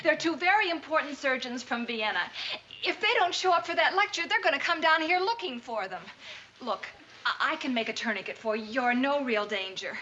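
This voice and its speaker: An actress playing a calm, reasoning young nurse in a 1960s sitcom. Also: female voice, sits high. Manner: reasoning, reassuring, brisk. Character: calm young female nurse, level-headed. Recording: dull 1960s TV audio with hiss.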